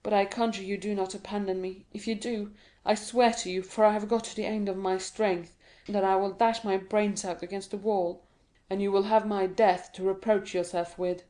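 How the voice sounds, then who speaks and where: A desperate young male prisoner pleads with quiet, earnest urgency, read by a woman. The voice sits at a middle pitch with a dark, mellow tone. It is a storybook reading with no showy character work. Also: little pitch movement, moderate pace, few pauses, lightly acted. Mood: pleading. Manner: earnest, imploring.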